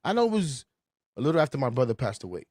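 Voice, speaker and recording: A man's voice: mid-range voice, sing-song, fast talker, a little mellow, dry recording, studio quality. A man with a New York accent hosting a sports podcast, chatty and eager. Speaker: podcast host. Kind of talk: casual podcast chat.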